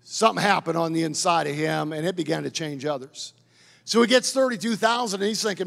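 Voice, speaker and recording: A middle-aged man preaching a sermon as a pastor, impassioned and building to loud declarations. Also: on the high side, brisk, creaky. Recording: long hall reverb.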